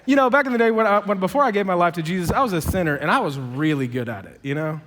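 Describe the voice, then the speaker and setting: A male pastor preaching in a loose, joking, conversational way. His voice sits high for a man, and his words ring out with a long reverb in a large church hall. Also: lively intonation, quick pace, fairly bright tone. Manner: casual, conversational, humorous. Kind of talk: sermon.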